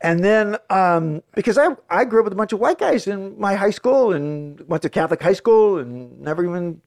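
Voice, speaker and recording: A middle-aged American man, an actor, telling stories in casual chat, animated and profane, acting out the voices of the people in them. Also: high-pitched, normal speed. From United States. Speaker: actor guest. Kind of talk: casual storytelling.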